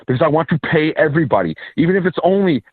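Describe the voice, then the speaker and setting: A man, an independent filmmaker and actor, telling stories in a casual interview with quick asides and restarts. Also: a little high, big pitch swings, dry recording. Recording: tinny phone-line sound.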